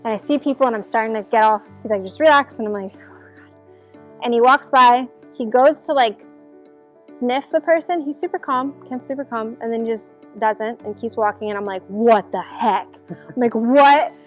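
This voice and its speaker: Slightly high and slightly fast, this woman's voice carries a casual personal anecdote in which she reenacts how she once reacted, leaning heavily on "like." The recording is lo-fi and dull, with faint background music.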